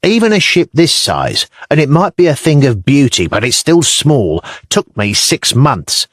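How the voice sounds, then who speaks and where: A man's voice: medium pitch, wildly swooping pitch, measured pace, fairly bright tone, dry recording, clean studio sound, exaggerated voice. A male narrator voicing a small, testy shipwright who speaks with scorn in an audiobook. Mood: scornful. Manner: scornful, spitting.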